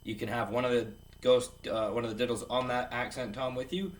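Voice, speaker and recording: A man's voice: medium pitch, fairly even intonation, fairly quick. A man teaching a casual drum lesson, rambling and joking as he counts beats aloud. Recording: distant mic with clear background noise.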